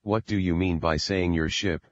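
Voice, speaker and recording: Man reading scared confused daughter, audiobook, very deep, dull lo-fi sound. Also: steady tone, moderate pace, lightly acted. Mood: frightened. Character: panicked adult daughter, frightened and confused. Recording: dull lo-fi dry recording.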